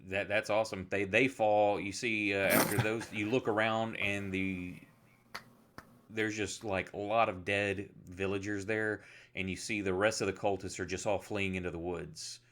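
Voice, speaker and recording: A man narrating as game master, casual and halting, with many restarts. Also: fairly low pitch, steady tone, fairly bright tone, slight background noise.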